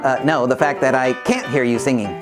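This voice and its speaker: A man voicing a mild, dry-witted puppet character in a kids' skit, with deadpan reactions. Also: mid-range voice, brisk, over music, natural voice.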